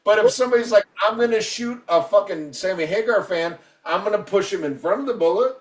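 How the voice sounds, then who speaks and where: Profane ranting man, high voice, echoey room. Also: a little fast, distant mic. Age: 50s. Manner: profane, combative, heated ranting. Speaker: podcast co-host. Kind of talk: casual podcast rant.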